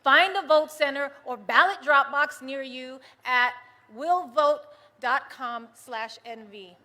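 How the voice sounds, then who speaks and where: A woman from the United States giving an impassioned political rally speech, moving from hushed, earnest talk to rousing shouts. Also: high-pitched, unhurried. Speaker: rally speaker. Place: large rally venue with a cheering crowd.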